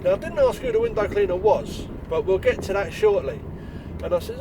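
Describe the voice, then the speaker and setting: Tradesman, angry blunt rant, high-pitched man, faint traffic behind. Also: animated, a little fast. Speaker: window cleaner. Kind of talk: ranting vlog to fellow tradesmen.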